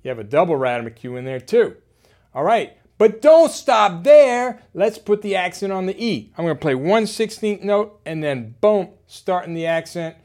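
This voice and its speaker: A man giving an energetic, playful drum lesson, calling out rudiment names between demos. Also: a little high. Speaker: drum educator.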